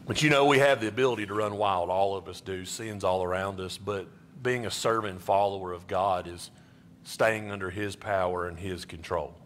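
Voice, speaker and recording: Animated man preaching a sermon. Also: normal speed, a little hiss or hum. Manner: animated, jumps high in pitch for emphasis. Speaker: pastor.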